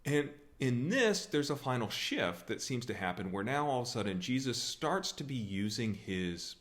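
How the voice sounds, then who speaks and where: A man from the USA giving a humorous talk on scripture at a church, telling the story in a wry, animated way. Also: mid-range voice, moderate pace. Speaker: church speaker.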